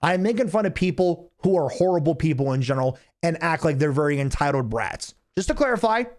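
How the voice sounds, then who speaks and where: Speaking fairly quickly in a somewhat high voice, a man streams gameplay and tells stories along the way. His casual commentary is profane and animated, packed with laughter and venting.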